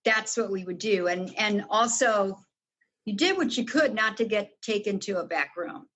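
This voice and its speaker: A woman's voice: mid-range voice, expressive, normal speed, fairly bright tone, highs cut off, slight background noise. Frank older woman telling her story. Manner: earnest, frank storyteller who acts out quoted dialogue. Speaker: podcast guest. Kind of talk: candid storytelling interview.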